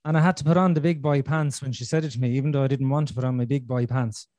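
A middle-aged man hosting a podcast, telling his own story candidly, swearing freely and talking with animated frankness. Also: mid-range voice, quick pace, no room sound. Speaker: podcast host.

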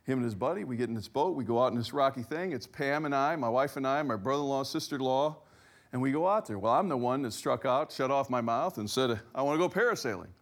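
A middle-aged man preaching a sermon, telling a personal story with lively acted-out quotes. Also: medium pitch, fast. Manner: animated storyteller, acts out quoted voices. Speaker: pastor.

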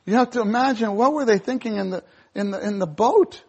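Husky animated male preacher. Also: high voice, fairly quick, muffled recording. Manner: animated, acts out Bible scenes in voices. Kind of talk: sermon.

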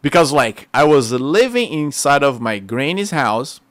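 A man with a Brazilian Portuguese accent, a native Portuguese speaker, giving a testimony sermon in an excitable, animated storytelling way. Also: mid-range voice, a little slow, no room sound, clean studio sound. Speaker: preacher.

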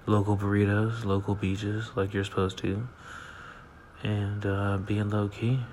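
Man, late-night solo podcast host, low voice, sleepy, loose rambling delivery, faint hiss behind. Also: level tone, unhurried, darkish tone. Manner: rambling, laid-back, laughs often, trails off with fillers. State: sleepy, yawning. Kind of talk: casual solo podcast monologue. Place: at home at night.

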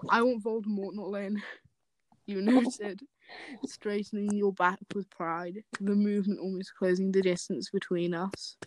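A woman's voice: medium pitch, fairly even intonation, unhurried, dry recording, rough recording. A young woman casually reading a fanfic aloud, breaking off often to joke and laugh. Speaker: fanfic reader.

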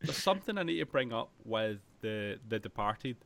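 A man chatting about films on a podcast, animated and laughing a lot. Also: mid-range voice, moderate pace, vocal fry, no room sound. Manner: animated, laughs often, acts out scenes loudly. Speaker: podcast co-host. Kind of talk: casual film chat.

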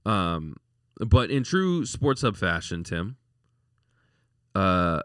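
A man's voice: sits low, very animated, drawn-out words, smooth, no room sound, clean studio sound. A man of about forty, co-hosting a sports podcast in a rambling, casual way, often repeating words and laughing. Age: 40s. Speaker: podcast co-host.

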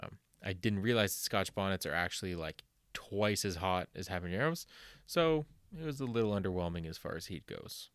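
A young man talks casually on his own podcast, rambling with plenty of fillers and self-mockery. He swears freely. His voice is lowish and the recording is close and dry. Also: animated, brisk, a bit bright, dry recording. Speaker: podcast host.

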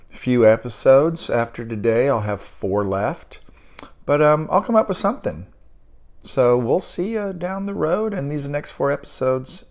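Animated, wry middle-aged male podcaster. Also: mid-range voice, vocal fry. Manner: rambling, wry grumbling about everyday annoyances. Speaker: podcast host. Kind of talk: casual solo podcast monologue.

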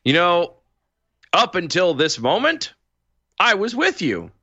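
Animated, bright-voiced man co-hosting. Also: sits high, slow, breathy edge, no room sound, muffled recording. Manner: animated, jokey, plugs the show. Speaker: podcast co-host. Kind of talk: casual banter.

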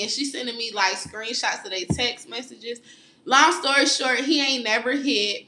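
Woman, casual chat: candid, profane storyteller, bright high-ish voice, echoey room. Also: normal speed, faint music behind. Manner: animated, profane, laughs often.

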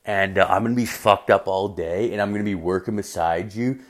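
A man's voice: medium pitch, steady tone, close to an everyday voice. Man doing a stoned, dazed coworker girl. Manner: slow, mumbly, dazed.

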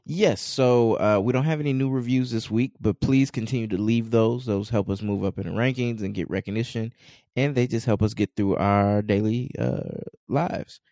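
A man's voice: fairly low pitch, moderate pace, warm tone, no echo, studio quality. A man co-hosting a podcast, easygoing in casual chat and running through show announcements. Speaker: podcast co-host.

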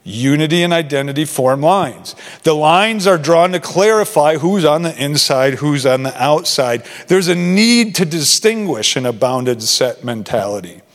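A man's voice: fairly high pitch, expressive, unhurried, few pauses. Guy giving a youth talk, chatty, acts out little dialogues, echoey big hall. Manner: conversational, acts out quoted dialogue. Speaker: pastor. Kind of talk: sermon. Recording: long hall reverb.

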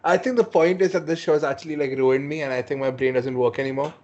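Podcast guest guy, kinda high voice, joking around, dull lo-fi sound. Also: fast talker, darkish tone. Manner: joking, sarcastic. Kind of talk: casual podcast chat. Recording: dull lo-fi call audio.

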